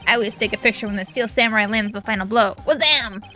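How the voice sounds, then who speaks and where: A woman's voice: mid-range voice, fast, pushed and bright, lightly acted. Girl voicing a showoff schoolboy fan, eager, faint music under it. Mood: bragging. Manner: bragging, eager. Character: boastful grade-school boy superhero fan.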